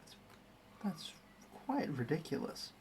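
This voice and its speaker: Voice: medium pitch, very animated, slow, darkish tone, a little hiss or hum. A livestreamer in casual commentary, chatty and wry, talking through each step of building a model kit. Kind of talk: casual live-stream commentary.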